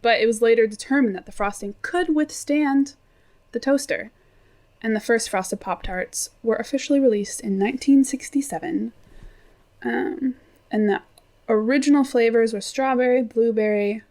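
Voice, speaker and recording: A woman's voice: on the high side, normal speed, a little mellow. A young woman co-hosting a casual podcast chat, reading out facts with giggly asides. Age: young adult. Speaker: podcast co-host presenting research.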